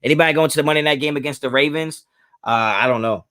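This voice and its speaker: A young man, hosting a live stream and casually reading viewer chat, laid-back and slangy, laughing often and swinging his pitch up and down. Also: fast talker, bright, forceful tone, clear, resonant tone.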